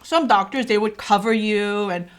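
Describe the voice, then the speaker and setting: A woman's voice: medium pitch, normal speed. A woman, telling a rambling story casually to her viewers in a mukbang vlog, with many "like"s and "right?"s. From Korea. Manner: rambling, chatty, filled with "like" and "right?". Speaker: vlogger and mother.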